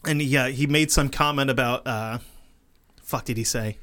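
A man's voice: mid-range voice, moderate pace. A man hosting a podcast, telling stories in casual, profane chat and acting out quotes. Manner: profane, animated storytelling with acted quotes. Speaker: podcast host.

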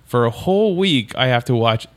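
A man's voice: medium pitch, lively intonation, normal speed, no room sound. A man hosting a casual podcast chat, often stalling and restarting as he leads the talk. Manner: rambling, full of restarts. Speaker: podcast host.

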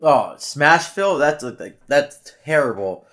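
Halting, rambling man talking hockey. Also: fairly high pitch, expressive, fairly bright tone. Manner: rambling, halting, many restarts. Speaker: podcast co-host. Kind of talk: casual sports chat.

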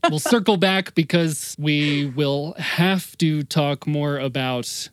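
A playful, friendly interviewer who guides the conversation with light jokes and pop culture asides. The voice sits at a middling pitch. The sound is close and dry with no room in it. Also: takes it slowly, dry recording. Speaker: interview host.

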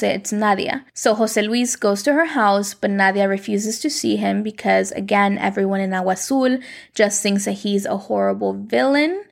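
A young woman casually recapping a telenovela plot, talking quickly and quoting the characters in her own voice. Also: mid-range voice, vocal fry. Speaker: show recap host.

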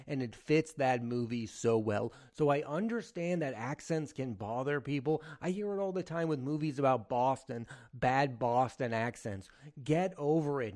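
A man's voice: on the high side, darkish tone. A man hosting a film podcast, giving his candid, strongly opinionated takes in a conversational way. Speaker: podcast host, film critic.

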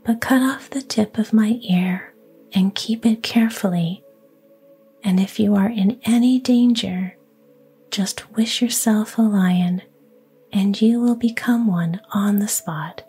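A woman's voice: medium pitch, takes it slowly, breathy edge, soft background music, exaggerated voice. A woman whispering as a hungry kindly lion. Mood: gruff. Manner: whispered, hushed. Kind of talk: whispered role-play.

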